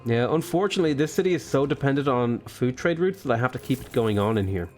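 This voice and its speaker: A man's voice: medium pitch, lively intonation, fast talker. A man hosting a casual let's play, rambling and joking with lots of fillers, with faint game music behind. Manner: playful, jokey, rambling with many fillers. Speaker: gaming video host.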